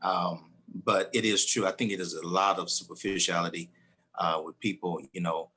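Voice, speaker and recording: A male pastor thinking aloud on a panel, pausing and restarting as he goes. His voice is very low and husky. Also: fairly even intonation, bright, forceful tone. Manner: halting, thoughtful. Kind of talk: casual panel discussion.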